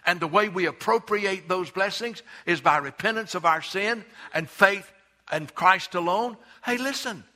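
A man preaching a sermon, emphatic, repeating words for stress and swinging between loud and hushed delivery. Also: high voice, a little slow. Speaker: pastor.

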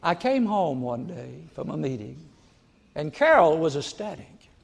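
Male preacher, folksy storyteller, raised gravelly voice, long hall reverb, bursts loud for quoted lines. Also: fairly high pitch, sing-song, a little slow. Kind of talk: sermon. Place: church sanctuary.

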